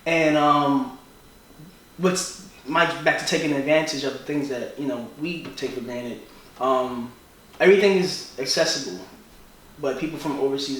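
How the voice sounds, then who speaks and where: A man's voice: medium pitch, slight background noise. Young male co-host from Philly, loose rambling chat, mic set back in a very echoey room. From Philadelphia, US. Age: young adult. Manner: loose, rambling, lots of "like" and restarts. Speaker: podcast co-host. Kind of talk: casual podcast chat. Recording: roomy echo, distant mic.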